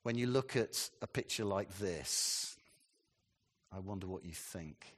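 A man's voice: low-pitched, unhurried, slightly rough. A man preaching a sermon in a conversational, rambling way, full of asides and questions to the congregation. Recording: long reverb of a hall.

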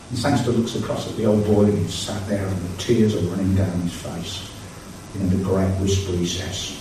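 A man's voice: lowish voice, normal speed, warm tone, a little hiss or hum. Man preaching in an echoey hall. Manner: earnest, building to urgent exhortation. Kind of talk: sermon. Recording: echoey hall, mic far off.

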